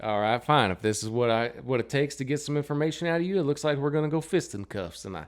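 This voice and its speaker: A man's voice: mid-range voice, fast. A man with a mid-range voice plays a tabletop game. He talks casually and laughs easily between moves. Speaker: player.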